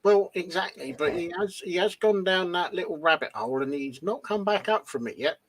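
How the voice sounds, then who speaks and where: A man's voice: sits high, animated, a little fast. A man co-hosting a casual live chat, mostly agreeing and adding dry little asides. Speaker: co-host.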